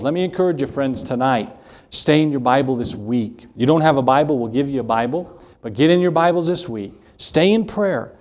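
Brief: middle-aged male pastor, earnest and repetitive, mid-pitched, evening church sermon. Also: a little mellow. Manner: earnest, repetitive preaching with Scripture quotes and folksy asides.

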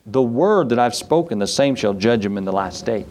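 A man's voice: medium pitch, animated, normal speed, darkish tone. A man teaching a Bible study in a folksy way, reading scripture aloud and asking his listeners questions.

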